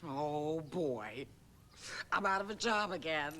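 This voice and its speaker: A woman's voice: expressive, slow pace, sharp tone, slight background noise, exaggerated voice. Bubbly scatterbrained fairy godmother. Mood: dejected. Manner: bubbly, swoops in pitch. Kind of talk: children's TV puppet acting.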